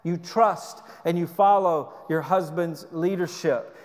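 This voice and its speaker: Pastor guy preaching, pretty high voice, earnest and pushy, lots of restarts, long echo like a big church hall. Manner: earnest, exhorting, with frequent restarts. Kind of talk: sermon.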